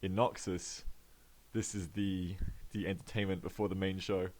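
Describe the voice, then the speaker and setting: A man's voice: low-pitched, level tone, normal speed, darkish tone, a little hiss or hum. A man playing in a tabletop game, chatting casually and joking with the group. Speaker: player.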